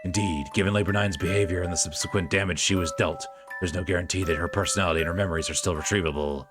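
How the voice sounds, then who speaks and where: A man voicing a cold, calculating physician in a visual novel, speaking in a measured, formal, detached way. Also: low voice, steady tone, over music, pitched below the performer's own voice, close to an everyday voice.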